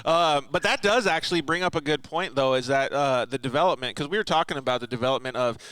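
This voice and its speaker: A man's voice: medium pitch, fast, a bit bright, smooth, no echo, rough recording. Easygoing male host, mid-range voice, casual slang, dry studio sound. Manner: easygoing, jokey, says dude and like. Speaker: podcast host. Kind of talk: casual podcast chat.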